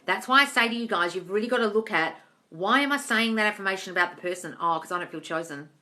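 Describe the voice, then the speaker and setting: Bright-voiced chatty woman. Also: mid-range voice, fast. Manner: direct, chatty, reads out viewer comments and answers. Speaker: manifesting coach answering live chat. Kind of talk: casual live-stream Q&A.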